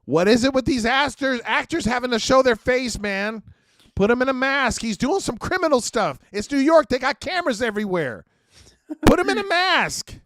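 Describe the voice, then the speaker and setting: A man hosting a casual pop-culture podcast, excitable, often restarting his sentences. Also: extremely high pitch, normal speed, dry recording, clean studio sound. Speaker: podcast host. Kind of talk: casual chat.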